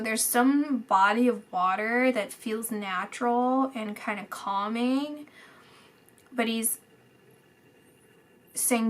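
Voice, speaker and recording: A woman talks through a psychic reading at an unhurried pace. Her voice is bright and a little tense, and she hesitates often, trailing into soft near-whispers before picking back up. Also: on the high side. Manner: hesitant, many fillers, drifts into soft whispers. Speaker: psychic reader. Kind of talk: casual spoken psychic reading.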